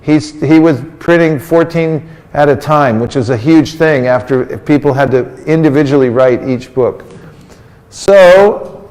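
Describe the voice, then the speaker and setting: A man's voice: on the high side, measured pace, darkish tone. A man giving an interactive sermon to a group, coaxing the audience into call-and-response answers in a playful, teasing way. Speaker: religious teacher. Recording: long reverb of a large hall.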